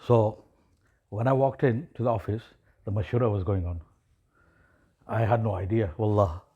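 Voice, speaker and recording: A man's voice: fairly low pitch, mellow, breathy edge. A man giving a sermon, telling a story in an easy way and rising to emphatic preaching.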